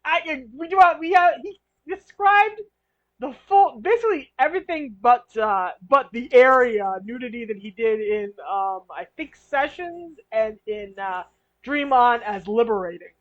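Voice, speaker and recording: A woman's voice: fairly high pitch, expressive, measured pace, muffled recording. A woman co-hosting a podcast, animatedly recapping a sitcom episode in casual chat and laughing between lines. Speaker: podcast co-host.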